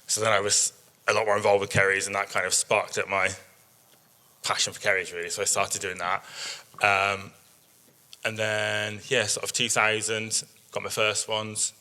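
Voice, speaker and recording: A sheep breeder in his thirties gives a chatty workshop presentation with slides, full of stories and plenty of ums. His fairly low voice is flat in delivery yet pushed and bright, moving at a moderate pace.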